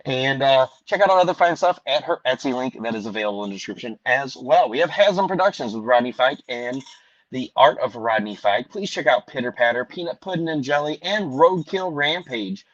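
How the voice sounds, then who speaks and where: A man hosting a casual show, reading a sponsor list in a loud, rowdy, rambling, profane way. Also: mid-range voice, expressive, brisk, dry recording, muffled recording. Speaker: podcast host reading sponsors. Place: Missouri.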